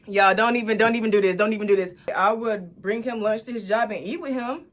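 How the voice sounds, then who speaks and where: A woman in her twenties from Dallas, telling a casual storytime to her viewers with animated, dramatic delivery. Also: medium pitch, fast talker, hardly any pauses. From Dallas, Texas, USA. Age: 20s. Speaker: storytime vlogger.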